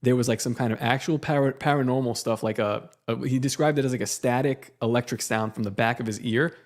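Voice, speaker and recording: Young guy, casual storyteller, middle pitch, quotes people as he goes. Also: fairly even intonation, quick pace. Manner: storytelling, acts out quotes, fillers like "like" and "dude". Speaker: podcast co-host. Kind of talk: casual chat.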